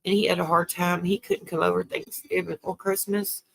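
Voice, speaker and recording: A woman's voice: lowish voice, flat delivery, normal speed, gravelly, a bit bright. An older woman, hosting a casual livestream, talking tearfully and answering viewer comments. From South Carolina. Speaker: livestream host.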